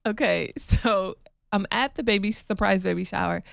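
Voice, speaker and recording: A woman's voice: medium pitch, moderate pace, creaky, background noise. A woman co-hosting a podcast, sharing a personal story in frank, chatty casual talk. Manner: frank, chatty, laughs easily. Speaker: podcast co-host. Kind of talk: casual chat.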